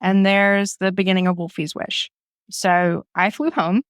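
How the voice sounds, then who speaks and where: A woman's voice: mid-range voice, steady tone, measured pace, clear, resonant tone, dry recording, studio quality. A woman guest, talking openly and emotionally about her grief and the start of her project, laughing often as she speaks. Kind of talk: candid conversational storytelling.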